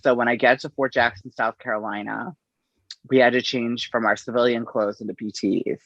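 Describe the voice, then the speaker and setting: A middle-aged man, an interview guest, telling his story in an unhurried, halting way and acting out the exchanges he quotes. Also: mid-range voice, level tone, a bit bright, dry recording. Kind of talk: conversational storytelling. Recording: dull, slightly lo-fi audio.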